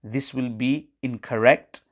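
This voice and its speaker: A man teaching correct recitation, explaining pronunciation errors in a measured, precise way. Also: medium pitch, steady tone. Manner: measured and precise, pausing between phrases. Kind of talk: slow, deliberate instructional explanation.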